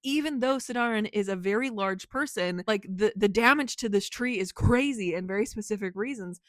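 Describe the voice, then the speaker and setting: A woman author talks through her work in a loose, rambling vlog chat, filling her sentences with "like" and breaking into laughs. Her voice sits at a middle pitch, and the recording is dry and close with no room echo. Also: brisk. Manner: rambling and chatty, heavy on "like", laughs often, swears freely. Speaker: author and book vlogger. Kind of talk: casual vlog chat about her writing.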